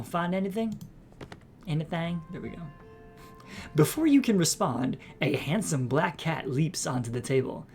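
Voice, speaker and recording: A man hosting a let's play, reading game text aloud with playful, jokey asides. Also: a little high.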